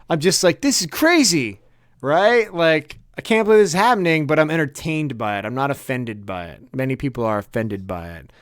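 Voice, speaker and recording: A man's voice: fairly high pitch, smooth, no echo, studio quality. A young man on a comedy podcast, ranting casually and profanely, acting out quotes and laughing as he tells stories. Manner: profane, animated storytelling with laughs and acted-out quotes. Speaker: podcast co-host.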